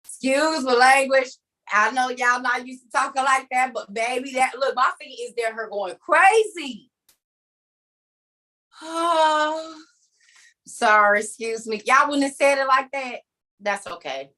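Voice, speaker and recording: A woman preaches over a video call in a high, bright voice. She tells her story dramatically and acts out each scene. She talks straight to her listeners, pressing her points with repeated words and frequent laughs. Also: takes it slowly. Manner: emphatic and repetitive, addressing listeners directly. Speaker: speaker leading an online group meeting. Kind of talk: animated, conversational preaching.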